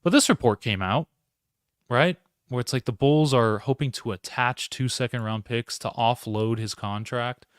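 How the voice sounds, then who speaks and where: A man's voice: mid-range voice, moderate pace, smooth, dry recording, clean studio sound. A man hosting a live solo sports reaction stream, rambling, interrupting himself and talking to his chat. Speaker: podcast host.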